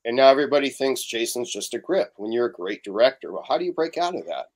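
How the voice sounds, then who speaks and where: A middle-aged man chats as a guest on a casual podcast, his mid-range voice quick and sing-song. He tells stories and acts out the voices of the people in them.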